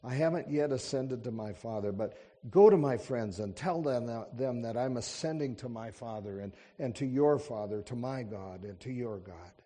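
A man voicing a gentle, calm man who speaks softly and tenderly, heard in a reverberant hall. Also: mid-range voice, moderate pace, hardly any pauses, voice pushed up, close to an everyday voice. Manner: soft, hushed, tender.

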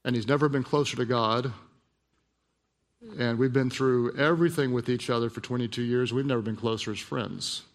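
A man preaching a sermon, telling a personal story in a hushed voice and then building to emphatic, repeated lines. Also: medium pitch, steady tone, normal speed. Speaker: pastor. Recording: long hall reverb.

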